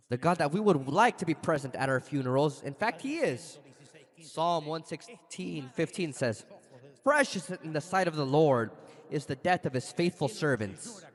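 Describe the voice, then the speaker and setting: A male pastor preaching a sermon, telling stories dramatically with sudden leaps in pitch. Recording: long reverb of a large hall.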